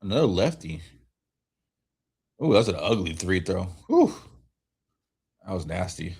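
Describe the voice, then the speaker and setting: A man streaming a watch-along, giving relaxed fan play-by-play while tired and yawning, often restarting his sentences. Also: low voice, a little slow, creaky, breathy edge. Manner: relaxed, rambling calls with frequent self-corrections. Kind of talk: casual fan play-by-play commentary.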